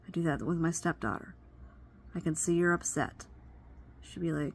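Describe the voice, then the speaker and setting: A woman's voice: lowish voice, fairly even intonation, moderate pace, long pauses, slight background noise. A woman vlogging in an earnest, reflective way, giving advice and sometimes losing her train of thought mid-sentence. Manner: wandering, loses train of thought. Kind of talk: personal vlog monologue.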